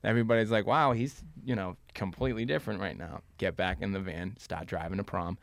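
A man's voice: low voice, steady tone, quick pace, vocal fry, no echo. A man in his thirties, a podcast guest, telling a long story casually with lots of fillers and laughs. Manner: laughing, rambling anecdotes with many fillers.

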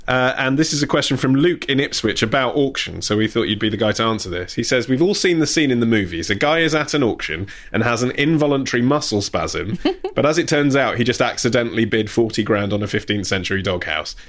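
A man's voice: mid-range voice, animated, a bit bright. Jokey man podcast host. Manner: jokey, quick quips. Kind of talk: hosting a listener-question podcast.

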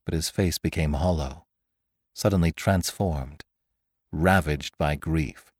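Deep, animated male storyteller reading a classic adventure, dry studio sound. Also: slow pace, no room sound. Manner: expressive storyteller. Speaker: narrator. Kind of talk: dramatic audiobook narration.

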